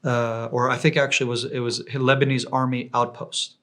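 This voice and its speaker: Man, interview guest, from Israel, casual storytelling, animated, mid pitch. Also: brisk. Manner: animated, acts out quoted voices.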